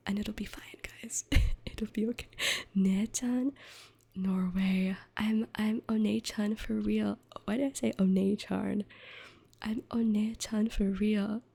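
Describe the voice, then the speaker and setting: Young woman streamer whispering asmr chat, giggly and rambly, bit of vocal fry. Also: medium pitch, fairly even intonation, measured pace, mellow. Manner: giggly, rambling, self-deprecating.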